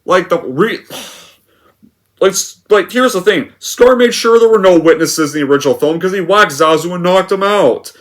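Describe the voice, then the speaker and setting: A man's voice: fairly high pitch, a bit bright. A man giving a ranting movie review, rambling and full of "like" fillers, scornful and exasperated. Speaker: film reviewer.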